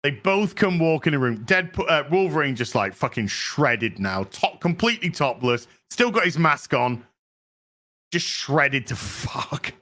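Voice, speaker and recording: A man hosting a podcast, excitedly retelling a film plot in casual chat, swearing freely and using lots of fillers. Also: a little high, unhurried. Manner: excited, profane storytelling with many fillers. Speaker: podcast host. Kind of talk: casual movie recap chat.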